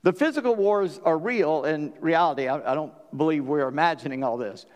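A middle-aged pastor preaches in a relaxed, folksy way, stumbling over and restarting his phrases as he goes. His voice sits a little high for a man. Long reverb from a large church hall trails each phrase. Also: a little fast. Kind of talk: sermon. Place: church sanctuary.

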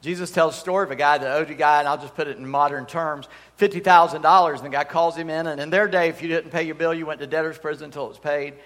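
A man's voice: on the high side, steady tone, fast talker, hardly any pauses, a bit bright. A man preaching a sermon in a church hall, telling stories with emphatic energy and humorous asides. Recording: long hall reverb.

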